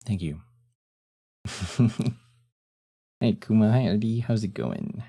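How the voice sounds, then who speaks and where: A young man with a deep, husky morning voice talks casually to his live-stream audience, easygoing and prone to trailing off with fillers. He sounds animated yet slow, with a mellow quality.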